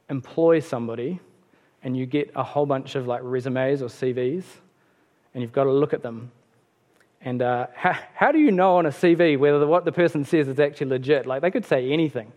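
A man's voice: fairly high pitch, a little mellow. Conversational male preacher in a reverberant hall. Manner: conversational, with fillers and self-corrections. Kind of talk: sermon.

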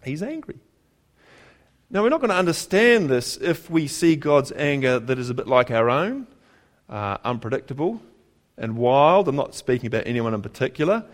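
A man's voice: medium pitch, big pitch swings, moderate pace. A man preaching a sermon in a conversational tone, asking the congregation rhetorical questions and repeating key phrases for emphasis.

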